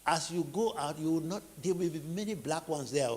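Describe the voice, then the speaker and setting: Speaking briskly, the Nigerian-accented preacher has a high-leaning, darkish voice that resonates like a big hall. He teaches on family life in sermon fashion, repeating phrases and posing rhetorical questions to drive his points.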